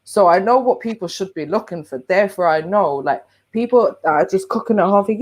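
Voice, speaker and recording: A man's voice: high-pitched, lively intonation, moderate pace. A man in a casual panel chat, explaining things plainly from his work experience. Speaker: panel guest.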